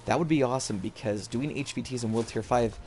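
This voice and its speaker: This streamer, a man playing a video game at home, gives rambling live commentary and often corrects himself. His medium-pitched voice is a little mellow and fast, and faint music sits behind it.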